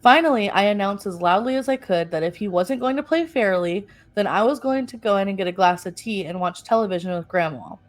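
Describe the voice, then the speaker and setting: Woman podcast co-host, mid-pitch, reads stories aloud casually with laughing asides. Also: fairly quick, few pauses. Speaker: podcast co-host reading a story.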